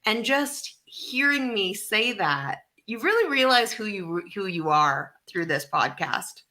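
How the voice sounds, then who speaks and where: A woman from the Midwest co-hosting a comedy podcast over a video call, talking in an animated, self-mocking way. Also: mid-range voice, slow pace. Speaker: podcast co-host. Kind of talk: casual comedic chat.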